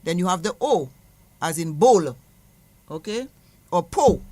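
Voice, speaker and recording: A woman's voice: fairly low pitch, expressive, warm tone, no echo. Brief: woman, radio studio guest, methodical teacher, spells out sounds and repeats examples. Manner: slow, patient, repeats example words. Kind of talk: explaining pronunciation on radio.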